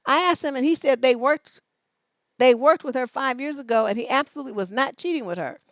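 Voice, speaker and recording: A woman's voice: sits high, a little fast, no room sound. Blunt, profane relationship coach woman. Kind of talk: livestream advice show, reading letters.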